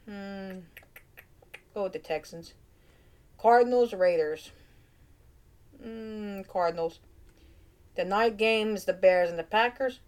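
A woman's voice: mid-range voice, slow, pauses often, darkish tone. A woman with a Cajun accent hosting her own casual vlog, chatting through her picks in a playful, muttering way. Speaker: vlog host.

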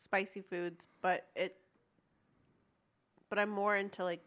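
A woman's voice: medium pitch, little pitch movement, slow, a bit bright. A woman joining a casual podcast, answering in a hesitant, thoughtful way. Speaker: podcast guest. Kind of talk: casual chat.

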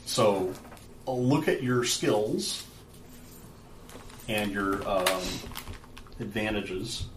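A man's voice: fairly low pitch, very slow. A man running a tabletop game as game master, explaining rules in a loose, filler-heavy way. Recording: roomy, distant, noisy.

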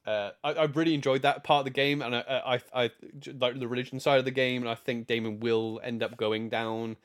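A man's voice: medium pitch, fairly even intonation, a little fast. A man co-hosting a podcast, chatting casually and rambling with many restarts and laughs. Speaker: podcast co-host. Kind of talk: casual chat.

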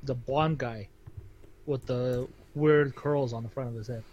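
A man co-hosts a podcast in casual chat, laughing often. His medium-pitched voice is steady, measured, a little mellow and breathy, and the recording sounds muffled.

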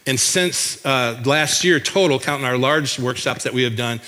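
A man's voice: medium pitch, moderate pace, pushed and bright. A man from Michigan, a missionary, telling a church congregation about his work in an enthusiastic, folksy way, often restarting his sentences. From Michigan, USA.

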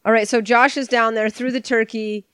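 A woman's voice: fairly high pitch, little pitch movement, moderate pace, fairly bright tone, smooth, no room sound. A woman co-hosting a podcast, giving a sarcastic, profanity-laced play-by-play of a movie in casual chat. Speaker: podcast co-host.

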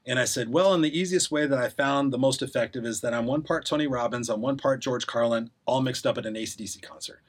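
A man talking as a podcast guest, telling a long story in a blunt, sarcastic way with many restarts. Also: medium pitch. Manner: fast, rambling storyteller with frequent restarts. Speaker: podcast guest, life coach. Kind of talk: casual conversation.

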